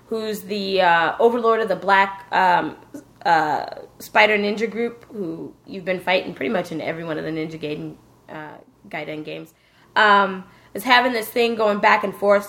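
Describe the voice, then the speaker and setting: A woman casually telling a lively story about a video game, cursing and joking as she goes. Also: mid-range voice. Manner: animated storytelling, swearing, joking voices.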